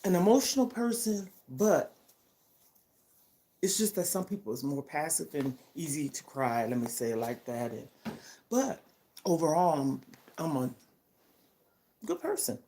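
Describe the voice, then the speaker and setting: A woman's voice: sits low, expressive, moderate pace, long pauses, mellow. An older woman talking to her vlog audience in a heartfelt, emphatic way, often checking in with her listeners. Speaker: vlogger. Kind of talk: casual personal vlog chat.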